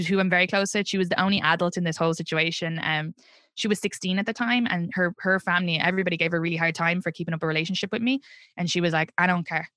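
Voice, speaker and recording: In a candid interview, a comedian guest from Ireland, a woman in her 30s with an Irish accent, recounts personal stories with blunt, profane, animated flair. She speaks in a mid-range voice, and the studio-quality recording has no room sound.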